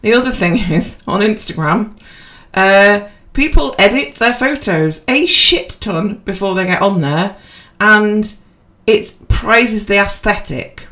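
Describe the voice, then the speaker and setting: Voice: medium pitch, expressive, slow pace, few pauses, sharp tone. A podcast co-host chatting casually and rambling, with lots of fillers and restarts, self-deprecating. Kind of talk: casual chat.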